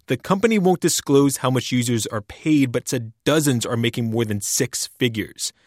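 A man voices a radio news feature from a studio mic, reading his script in a measured, even way. The sound is close and dry, with no room in it. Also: mid-range voice, dry recording.

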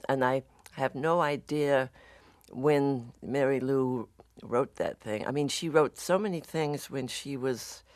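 A man's voice: medium pitch, takes it slowly, no echo. Enthusiastic male host, mid voice, dry studio sound. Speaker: radio show host. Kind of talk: casual interview chat.

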